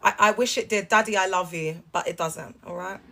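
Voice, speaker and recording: Woman ranting at her live viewers, sassy, bright tone. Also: fairly low pitch, a little fast. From United Kingdom. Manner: sassy, confrontational, talks straight to viewers. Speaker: livestreamer. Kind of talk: casual live-stream rant. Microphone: phone.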